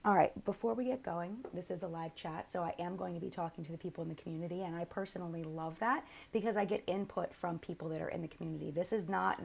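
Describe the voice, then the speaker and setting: Tired young woman rambling thru a live makeup chat, kinda gravelly, lowish voice, keeps losing her train of thought. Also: a little mellow. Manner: scattered, rambling, self-interrupting. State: tired, low energy. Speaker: beauty channel host.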